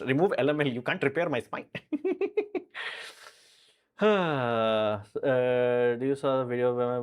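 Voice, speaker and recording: A man hosting a casual live stream, answering viewer questions in a frank, rambling way full of fillers. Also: mid-range voice.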